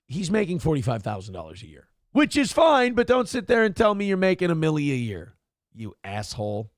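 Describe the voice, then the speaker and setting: Morning show host, male, mocking and profane, bright pitch with a dry close sound. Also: huge pitch swings, brisk, no echo. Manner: sarcastic, crude, mocking impressions. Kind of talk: mocking commentary on a viral clip.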